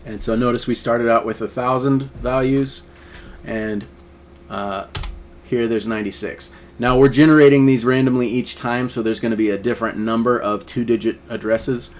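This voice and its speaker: A man's voice: medium pitch, fairly even intonation, normal speed, a little hiss or hum. A man teaching a screen-recorded coding lesson, talking casually and thinking aloud with many fillers. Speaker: instructor. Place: at a computer, keyboard typing.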